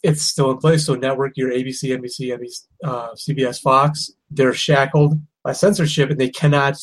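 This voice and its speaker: A man's voice: mid-range voice, flat delivery, brisk, low-quality recording. A man in his thirties co-hosting a podcast, trading jokes and strong opinions in casual chat. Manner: joking, irreverent, opinionated. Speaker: podcast co-host.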